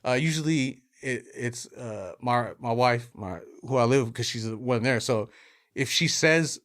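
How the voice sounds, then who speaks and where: A man talking casually as a comedy podcast guest, halting and rambling with plenty of fillers. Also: medium pitch, a bit bright. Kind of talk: casual chat.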